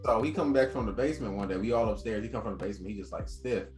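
A man on a podcast telling wild, profane stories about a friend's messy house in a loose, animated way. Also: on the low side, very fast, echoey room, faint music behind. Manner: animated, slangy, profane storyteller. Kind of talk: casual storytelling chat.

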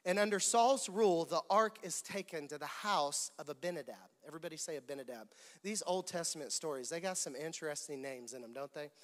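A man preaching a sermon as a pastor, retelling an old story in an animated way and calling on the audience to repeat words. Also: on the high side. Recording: reverberant hall.

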